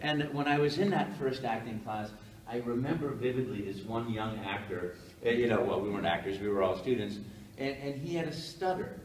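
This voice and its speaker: An older man giving a rambling, animated storytelling talk on stage as a guest speaker, acting out quotes as he goes. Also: medium pitch, fairly quick. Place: hall at a live event. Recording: roomy hall echo, from far off, faint ambience.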